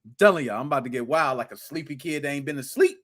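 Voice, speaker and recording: Lively hype podcast host, a man. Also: a little high, fast. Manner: hype, playful, rhymes and slang, big shout-outs. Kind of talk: live-streamed gaming podcast intro, shouting out chat.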